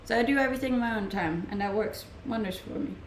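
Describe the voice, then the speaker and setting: A woman's voice: a little high, fast, slight background noise. A young woman from Denmark with a Danish accent, chatting casually on a live stream and answering viewers' questions, laughing often. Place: room at home, streaming. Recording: roomy home-mic sound.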